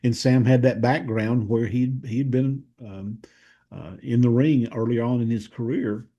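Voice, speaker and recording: A man talking things over on a podcast, his voice mellow and a little husky. He muses slowly, often trailing off and restarting his thought. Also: mid-range voice, fairly even intonation, dull audio. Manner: thoughtful, hesitant, many fillers and restarts. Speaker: co-host of a wrestling history show. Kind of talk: casual podcast discussion.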